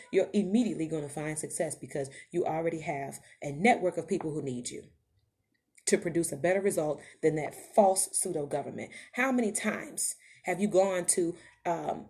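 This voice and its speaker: A woman's voice: fairly low pitch, dark tone. Impassioned woman preaching to her audience. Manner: preachy, rising to emphatic calls to the audience. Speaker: podcast host. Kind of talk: impassioned motivational monologue.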